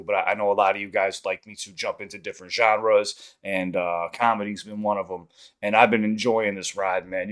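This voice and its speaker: A man's voice: on the low side, a bit bright. A man hosting a reaction channel, talking casually and rambling with frequent laughs.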